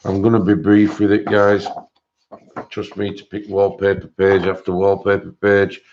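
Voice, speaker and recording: A man with a lowish voice chatting casually on a live stream, rambling as he greets viewers by name. The sound is dull and lo-fi, like a basic stream feed. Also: monotone, moderate pace, darkish tone, slight background noise. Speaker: colouring channel host.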